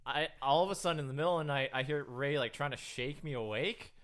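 A man's voice: mid-range voice, quick pace, a bit bright. A young man co-hosting a casual podcast, telling stories with frequent stammers and repeated words. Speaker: podcast co-host. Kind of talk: casual chat among friends.

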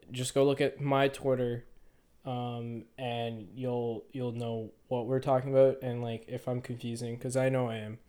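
A man's voice: mid-range voice, darkish tone, smooth. A young man in his twenties hosting an unedited solo podcast, rambling casually with many halts and restarts. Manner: rambling, halting, self-correcting. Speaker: podcast host.

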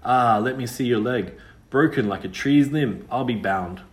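A man's voice: mid-range voice, normal speed, roomy sound, voice pushed up, close to an everyday voice. A man voicing a pert, wary young witch girl's ghost who speaks in a rustic country dialect. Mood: soothing, brisk.

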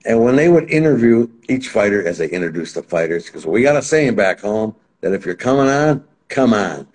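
A man as an interview guest, telling stories in a casual, animated way. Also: on the low side, moderate pace. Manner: animated, acts out quotes in other voices. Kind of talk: casual anecdotal storytelling.

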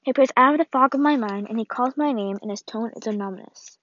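A woman reading the farewell letter of an old, ailing grandmother in a solemn, measured way, on a dull, lo-fi recording. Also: a little high, fairly bright tone, no echo. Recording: dull, lo-fi dry read.

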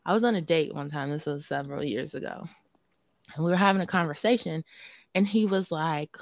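A woman podcast co-host with a Southern US accent, telling stories in casual chat, animated and swearing freely. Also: low voice, brisk, creaky, no echo.

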